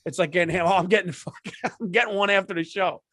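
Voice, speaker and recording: A middle-aged man from the United States, co-hosting a podcast and telling a story in an animated, profane way. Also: sits high, fast talker, no room sound. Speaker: podcast co-host. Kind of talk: casual comedic storytelling. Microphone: studio microphone.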